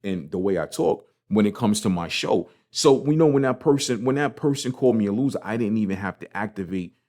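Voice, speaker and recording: A man's voice: lowish voice, lively intonation, brisk, warm tone. A man hosting his own podcast, talking casually and passionately about failure, swearing often and repeating himself. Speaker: podcast host. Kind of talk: casual motivational monologue.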